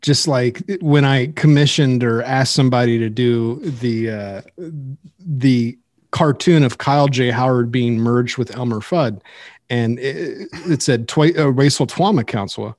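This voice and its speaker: A man's voice: mid-range voice, unhurried, a little mellow, no echo, studio quality. A man hosting a podcast in a blunt, sarcastic and combative way, in casual discussion. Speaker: podcast host.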